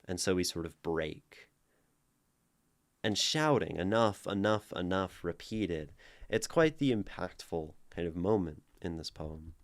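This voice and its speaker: Slow, deep-voiced man explaining poetry. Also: very animated. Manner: thoughtful, often checks in with "right?"; thinks aloud with restarts. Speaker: poetry channel host.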